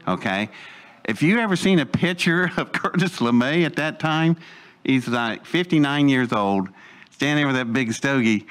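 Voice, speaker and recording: A man's voice: mid-range voice, expressive, moderate pace, fairly bright tone. Older man telling a rambling folksy story. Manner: rambling, folksy, acts out voices in quotes. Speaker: speaker telling his life story. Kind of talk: storytelling talk to an audience.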